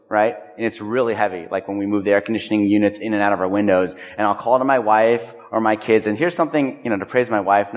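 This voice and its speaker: A man preaching a sermon as a pastor, talking conversationally and acting out everyday stories. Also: on the low side. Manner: conversational, acts out anecdotes. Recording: echoey hall.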